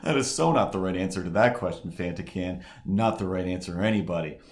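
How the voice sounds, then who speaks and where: Low-voiced guy chatting on his drawing stream, rambly and animated, echoey room. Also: fast talker. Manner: rambling storyteller, animated retellings. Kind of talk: casual livestream chat.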